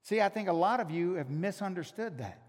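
A male pastor preaching a sermon, teasing his congregation and swinging from loud shouts to hushed, drawn-out emphasis. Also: sits high, lively intonation. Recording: long reverb of a large hall.

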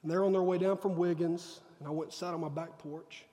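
Man, pastor, earnest sermon storytelling, higher voice, long echo of a church hall. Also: steady tone, brisk, dark tone. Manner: earnest storytelling with quoted dialogue. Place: church sanctuary.

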